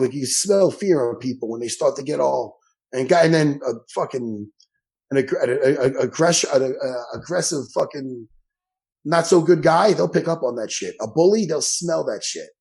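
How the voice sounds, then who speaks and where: Brief: guy, gravelly voice, slightly high, profane and punchy, podcast guest. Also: moderate pace, low-quality recording. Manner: blunt, profane, animated storytelling. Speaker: jiu-jitsu instructor, guest. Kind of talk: casual podcast chat.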